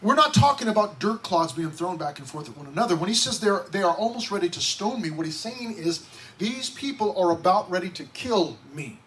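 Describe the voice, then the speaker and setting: High-voiced animated male pastor preaching. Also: fairly quick, slight background noise, rough recording. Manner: conversational, animated, acts out voices and rhetorical questions. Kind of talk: sermon.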